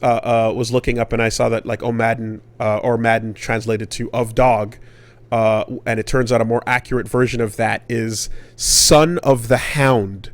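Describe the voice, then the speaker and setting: A podcast co-host tells a long, rambling story, casual and profane, loaded with fillers and swearing. He has a medium-pitched voice with a steady tone and speaks at a normal speed.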